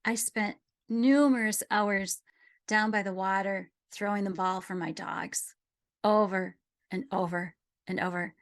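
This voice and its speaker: A middle-aged woman gently telling a personal story in a reflective conversation, dropping at times to a near whisper. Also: mid-range voice, fairly even intonation, a little slow. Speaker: guest sharing a personal story.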